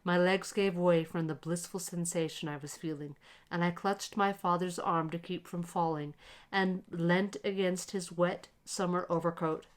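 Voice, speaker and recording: A woman narrating a classic short story aloud in a calm, measured, expressive reading for relaxation. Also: lowish voice.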